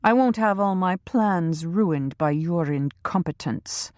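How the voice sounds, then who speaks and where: A woman reading a scheming, ruthless female boss in an audiobook, sharp, sarcastic and commanding. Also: lowish voice, slow pace, no room sound, studio quality. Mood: harsh.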